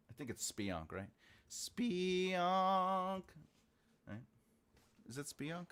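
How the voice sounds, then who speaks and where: A man's voice: a little high, expressive, slow, fairly bright tone, smooth. A man writing a book live, thinking aloud and chatting with viewers as he types his outline. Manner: thinks aloud, mutters while typing, chats with viewers. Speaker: author livestreaming a writing session. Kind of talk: casual livestream chat while typing.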